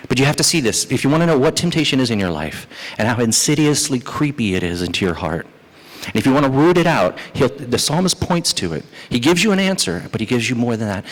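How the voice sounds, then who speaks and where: A male pastor preaching a sermon, lively and animated, who acts out the psalmist's complaints as he goes. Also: medium pitch. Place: church sanctuary. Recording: church hall reverb.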